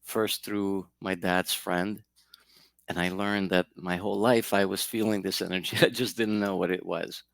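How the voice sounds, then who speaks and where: Very deep, gravelly male guest. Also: level tone, normal speed, fairly bright tone, no room sound. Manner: reflective, rambling storytelling. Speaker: guest, energy healer. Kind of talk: podcast interview answers.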